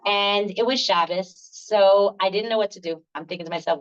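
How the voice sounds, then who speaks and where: Animated older woman telling stories. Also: medium pitch, normal speed, lo-fi sound. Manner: animated, laughs often, acts out quoted voices. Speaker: laughter workshop leader. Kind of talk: storytelling workshop talk.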